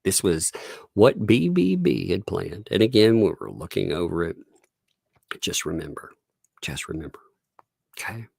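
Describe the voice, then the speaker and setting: A man in his thirties hosts a relaxed livestream, talking casually and laughing often. His voice sits low with a gravelly edge, and the sound is dry and close. He drifts into quoted voices while telling family stories. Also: normal speed, no room sound. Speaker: livestream host.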